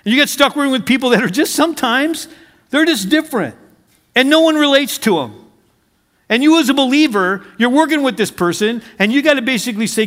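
A man's voice: extremely high pitch, animated, a little fast, a bit bright. A middle-aged male pastor giving a conversational sermon, full of stories and asides to the congregation. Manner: conversational, anecdotal preaching with asides. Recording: hall reverb.

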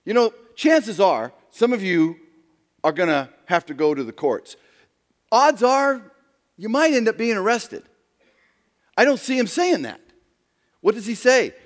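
A man preaching a sermon as pastor, dramatic, swinging between loud emphasis and hushed near-whispers. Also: high-pitched, big pitch swings, measured pace, long pauses, long reverb tail.

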